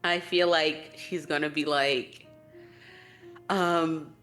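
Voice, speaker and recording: A woman's voice: deep voice, slow pace, faint music behind. A woman co-hosting a podcast in casual chat, playful and acting out quotes as she talks. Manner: playful, animated, acts out quotes. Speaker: podcast co-host.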